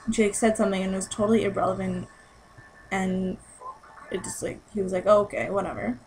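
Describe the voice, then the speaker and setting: A woman's voice: medium pitch, little pitch movement, fast, a little mellow, slight background noise, poor audio. A young woman in a casual vlog, chatty and gushing as she recaps a concert, saying "like" constantly. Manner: chatty and gushing, heavy use of "like". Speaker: concert-goer recapping a show.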